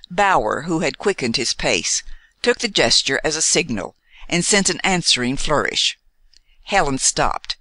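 Bright, animated novel narrator; measured and expressive, close dry mic. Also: mid-range voice, no room sound. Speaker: audiobook narrator.

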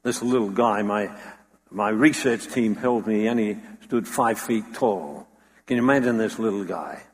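A man's voice: on the low side, moderate pace. A man preaching a sermon with dramatic storytelling, acting out the voices he quotes. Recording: long hall reverb.

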